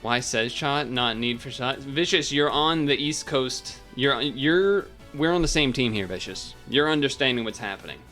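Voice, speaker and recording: Bright-voiced playful male streamer. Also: medium pitch, moderate pace, hardly any pauses, soft background music. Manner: playful, teasing, argumentative. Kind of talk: casual chat with a caller.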